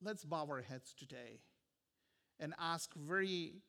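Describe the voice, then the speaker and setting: Male preacher, bright and clear, unhurried, repeats lines for weight, hushes at key points. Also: a little high. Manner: earnest, repetitive preaching with soft, hushed stretches. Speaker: pastor. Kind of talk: sermon.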